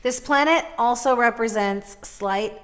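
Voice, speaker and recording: This is a woman doing a casual tarot reading, and she talks with real passion. She gets loud when she is excited, then pulls herself back down, and she laughs and swears freely along the way. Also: fairly high pitch, unhurried. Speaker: tarot reader.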